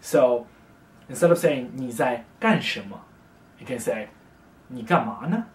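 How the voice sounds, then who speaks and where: A young man talks slowly and patiently through a casual beginner lesson, repeating each phrase. He sits a little back from the mic in a room with a lot of echo. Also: mid-range voice, animated, recorded from a distance. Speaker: language tutor.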